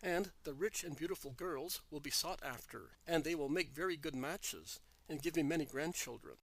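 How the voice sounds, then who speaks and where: Boastful older merchant in an audiobook, read by a man, slightly high voice, dry. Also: normal speed, fairly bright tone, no echo. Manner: boastful, then resigned. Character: ambitious older male merchant, dreaming of wealth.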